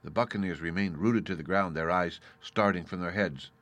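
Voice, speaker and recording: Man, audiobook narration, measured storytelling, lowish pitch, dry close sound. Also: fairly bright tone, dry recording. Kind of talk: scripted narration.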